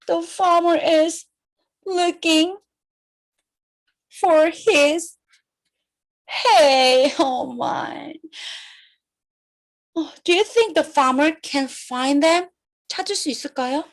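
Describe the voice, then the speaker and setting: A young woman kindergarten teacher, telling a farm-animal story to small children in an animated, sing-song way with exaggerated gasps. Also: high-pitched, slow, pauses often. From South Korea.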